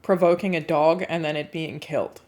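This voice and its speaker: A woman's voice: deep voice, fairly even intonation, moderate pace, darkish tone. A woman streamer reacting live on her stream, blunt and emotional, swearing freely.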